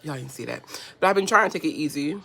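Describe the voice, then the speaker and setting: A woman's voice: low-pitched, expressive, fast, vocal fry, background noise. A woman hosting a casual livestream while doing her makeup. She chats to her viewers, answers their comments and gets easily touched, filmed on the front camera of a phone at home. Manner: chatty, reads comments aloud and answers them, easily touched. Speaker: beauty livestream host.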